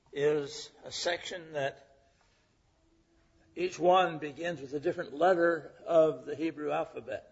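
A male pastor preaching a sermon in a church sanctuary, speaking slowly with a slightly raised pitch. His voice is gravelly and husky, and he teaches by posing questions and answering them himself. The recording sounds dull, with a long hall reverb.

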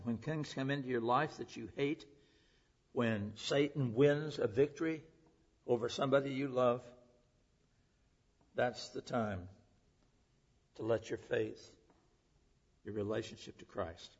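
A husky, medium-pitched pastor preaches a sermon to his congregation at a church service, earnest and emphatic, his voice swelling loud and then falling almost to a hush. The recording is dull and lo-fi, with the top end muffled.

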